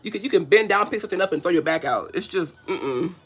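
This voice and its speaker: Doing her makeup on a casual livestream, a woman chats with viewers, reads their comments aloud and answers them, and is easily touched. Her fairly low voice is expressive, quick and a little breathy, filmed on her phone's front camera at home.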